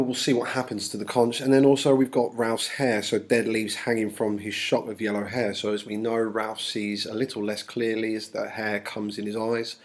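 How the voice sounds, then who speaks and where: Male English teacher, fairly low voice, explanatory, filler-heavy lecturing. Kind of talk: recorded lesson explanation.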